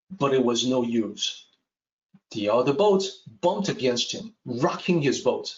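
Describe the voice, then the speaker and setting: A man teaching a Taoist text, telling a traditional story in a measured lecture style. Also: mid-range voice, recorded from a distance. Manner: slow, measured, with lively rises and falls. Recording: echoey room, dull sound.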